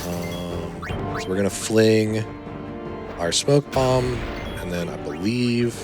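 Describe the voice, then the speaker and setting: A man commentating a live speedrun, explaining strategy in a halting, filler-laden way. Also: low-pitched, music in the background.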